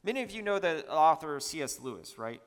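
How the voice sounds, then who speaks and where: A man's voice: on the high side, very animated, a little fast, clear, resonant tone, big-room sound. A man preaching a sermon in a church, emphatic and chatty, with asides to the congregation.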